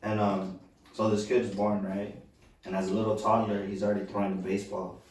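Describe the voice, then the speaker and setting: A man's voice: lowish voice, flat delivery, brisk, darkish tone. A man co-hosting a casual podcast, telling a story in a loose, profane way and saying "bro" a lot. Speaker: podcast co-host. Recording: echoey room, far from the mic.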